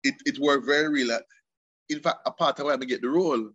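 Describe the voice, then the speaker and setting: A middle-aged man with a Jamaican accent, born in England, telling stories as a guest in a relaxed interview, laughing often and imitating voices. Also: mid-range voice, fast talker, breathy edge, dry recording, dull audio. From England, raised in Jamaica from age seven. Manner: animated storyteller, laughs often, mimics voices. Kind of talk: casual interview chat in Jamaican Patois.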